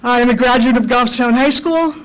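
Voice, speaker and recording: A woman's voice: on the high side, normal speed, low-quality recording. Plainspoken older woman candidate. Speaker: school board candidate. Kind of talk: campaign speech.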